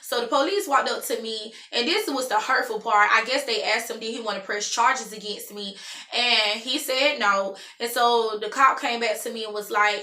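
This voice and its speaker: A woman in her thirties tells her own story with emphatic, animated delivery. Her voice sits a little high and sounds bright and forceful, caught in an echoey room. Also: moderate pace. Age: 30s. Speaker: vlogger. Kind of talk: personal storytime.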